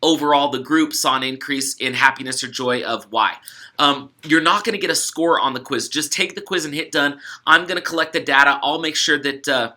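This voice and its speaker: A young adult man talks through the steps of a gratitude study in a relaxed, chatty way, stumbling over words now and then. His voice is fairly high and very bright. He sounds upbeat and eager. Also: brisk. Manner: upbeat, chatty, with fillers and restarts. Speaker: author running a gratitude study. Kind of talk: casual instructional video talk.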